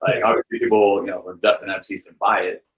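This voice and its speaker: A man guest on a podcast, telling stories in a rambling, animated way with many "like"s and "you know"s. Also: fairly low pitch, very fast, rough recording. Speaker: guest, film director and author. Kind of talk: casual podcast interview.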